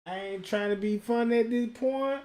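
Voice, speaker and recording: A man streaming a casual reaction commentary, loud and profane, who slips into sung bits and mock voices. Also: very high voice, moderate pace. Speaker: streamer host.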